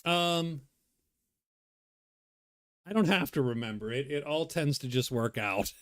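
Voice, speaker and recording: A man's voice: on the high side, lively intonation, measured pace, a bit bright, no room sound, studio quality. A man thinking aloud as he plays a solo board game, rambling and muttering to himself. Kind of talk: casual solo playthrough commentary.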